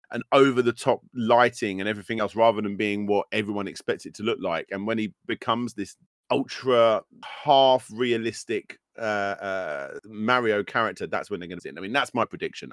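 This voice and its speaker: A man's voice: fairly low pitch, a bit bright, no echo, clean studio sound. A man in his thirties, a podcast host ranting animatedly in casual chat, with many fillers.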